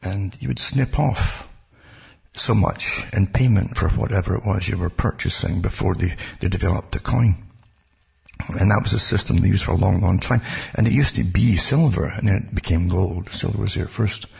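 Man, very deep voice, heavily gravelly and husky, rambling casual history talk. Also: normal speed, darkish tone. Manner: rambling, digressive, asides like "you see". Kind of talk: casual spoken history monologue.

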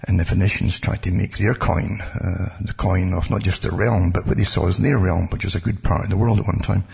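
A man's voice: sits low, steady tone, brisk, creaky, a little mellow, husky. A man giving a rambling, casual talk about history, full of digressions and asides. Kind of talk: casual spoken history monologue.

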